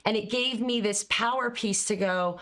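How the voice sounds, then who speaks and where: Middle-aged woman, coach, animated storyteller, expressive, conversational. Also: medium pitch, normal speed. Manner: expressive, animated, laughs while telling stories. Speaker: guest, communication coach.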